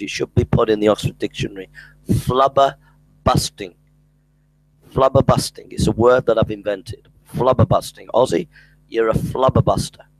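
A man's voice: fairly low pitch, a little mellow, no echo, poor audio. Emphatic man in a dry, close recording. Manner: emphatic, repeats phrases, mimics opponents. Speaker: Christian apologetics speaker. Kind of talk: casual monologue.

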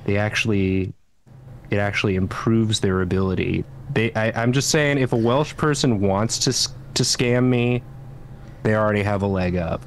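A man's voice: lowish voice, moderate pace, a little hiss or hum. A man chatting casually with co-hosts while drawing, rambling through playful asides. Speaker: show regular.

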